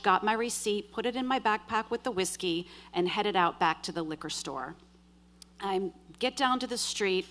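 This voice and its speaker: A woman telling a true story on stage in the first person, with dry, wry humor and lively quoted dialogue. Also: on the low side. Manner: vivid, animated retelling with quoted dialogue. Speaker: storyteller at a live show.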